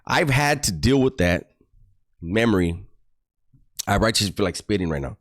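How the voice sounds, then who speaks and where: Man, lower voice, very expressive pitch, casual profane storyteller for a vlog. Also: moderate pace. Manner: animated, profane, mock-disgusted storytelling. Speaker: YouTuber recounting prison stories. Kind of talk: casual storytelling to a livestream audience.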